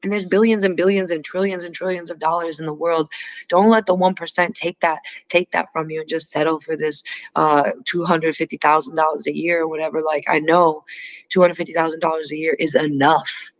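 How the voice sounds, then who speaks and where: High-pitched guy yoga teacher gushing thanks on a live stream, emotional, repeats himself, dry close sound. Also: level tone, brisk, no room sound, low-quality recording. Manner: effusive, emotional, motivational, repeats phrases. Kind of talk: heartfelt live-stream sign-off talk.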